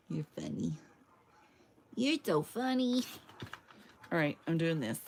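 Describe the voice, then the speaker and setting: A woman's voice: low-pitched, sing-song, extremely slow, darkish tone, slight background noise. A woman, chatting to viewers and muttering to herself as she crafts in her home loft. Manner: chatty, talks to herself while working. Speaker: crafting livestreamer. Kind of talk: casual crafting chat to viewers.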